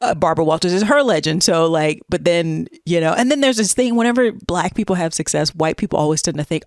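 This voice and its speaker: A woman co-hosting a podcast, telling stories in a casual, animated way with lots of fillers. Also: fairly low pitch, quick pace, few pauses, no echo, clean studio sound. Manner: animated storyteller, many fillers. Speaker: podcast co-host. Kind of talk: casual chat.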